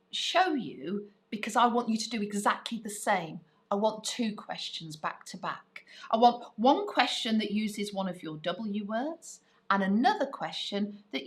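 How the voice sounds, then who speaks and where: Woman, teacher, slow delivery, thinks aloud, playful, encouraging. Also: mid-range voice. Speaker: primary writing teacher. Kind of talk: live online writing lesson, modelling aloud.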